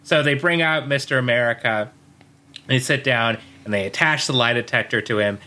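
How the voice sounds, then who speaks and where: Bright, mid-pitched male co-host, rambling storyteller. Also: fairly quick. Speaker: podcast co-host. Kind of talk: casual chat.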